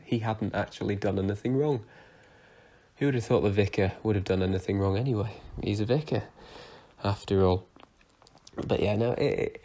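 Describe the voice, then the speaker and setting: A man's voice: lowish voice, dark tone. A young man giving a casual, rambling review of soap opera episodes, with lots of fillers and restarts.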